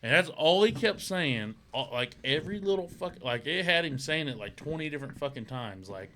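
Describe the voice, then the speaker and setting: A man's voice: a little high, normal speed, few pauses. A man casually chatting on a podcast, telling a rowdy story full of swearing and acted-out quotes. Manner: animated storyteller acting out quoted voices. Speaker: podcast host. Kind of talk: casual profane storytelling chat.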